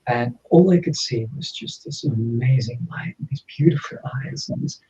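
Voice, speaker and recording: A man, a podcast guest, telling a personal story in an animated way and acting out the dialogue. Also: medium pitch, normal speed. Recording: slightly dull lo-fi audio.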